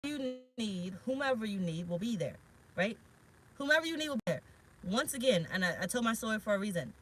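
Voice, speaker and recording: A woman's voice: medium pitch, expressive, a little fast, a bit bright, a little hiss or hum, low-quality recording. Frank, rambling woman tarot reader. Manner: rambling, frank, swears casually. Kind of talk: casual spiritual vlog talk. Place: parked car.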